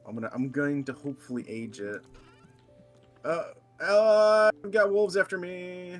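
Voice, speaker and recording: A man streaming a game with friends in casual chat, relaxed and reading out chat messages. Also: fairly high pitch, fairly quick, faint music behind. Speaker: streamer and co-player. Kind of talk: casual chat while gaming.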